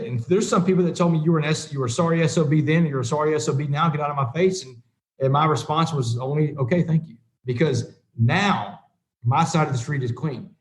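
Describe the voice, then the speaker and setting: A middle-aged man with a twang, speaking to a recovery group. His voice sits a little higher than most men's, and he tells his story in an earnest, plain-spoken way, playing out the dialogue as he goes. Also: a little mellow. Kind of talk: personal recovery talk to a group.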